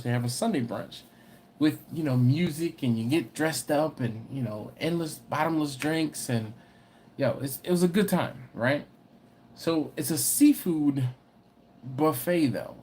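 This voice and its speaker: A middle-aged man chats casually on a livestream, spinning a long story and reading out viewer comments. His pitch sits mid-range. A faint hum of noise sits under the voice. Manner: storytelling, reads chat aloud, animated when excited. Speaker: BBQ channel host.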